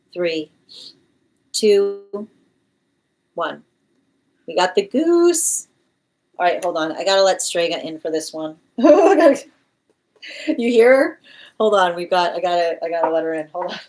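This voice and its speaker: A woman giving live-streamed tarot readings, chatty and quick to laugh, cooing at her cat between readings at home. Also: fairly low pitch, darkish tone. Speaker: tarot reader.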